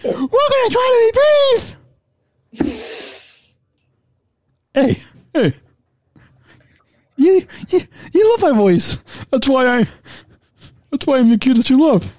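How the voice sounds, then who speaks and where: A man putting on a squeaky high teasing voice. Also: very animated, takes it slowly, pauses often, darkish tone, no echo, full character voice. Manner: playful, teasing, repetitive. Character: man's squeaky high-pitched joke voice, teasing.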